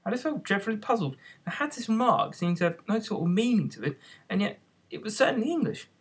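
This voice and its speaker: A narrator reading a children's classic aloud in plain, halting storytelling, in an amateur audiobook. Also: mid-range voice, big pitch swings, breathy edge.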